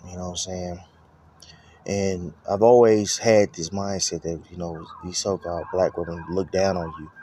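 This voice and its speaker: A man's voice: low-pitched, darkish tone, slight background noise. A man giving a casual personal testimony, rambling and profane, with lots of filler phrases. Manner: rambling, profane, full of "you know what I'm saying".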